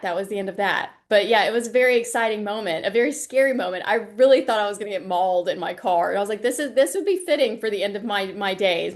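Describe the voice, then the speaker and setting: Woman instructor, casual livestream lecture, lively storyteller. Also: mid-range voice. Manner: chatty storytelling with animated quoted voices. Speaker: university instructor.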